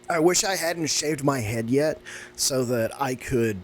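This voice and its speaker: A man giving excitable, sarcastic let's-play commentary on a horror game as a gaming YouTuber. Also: medium pitch, unhurried, slight background noise.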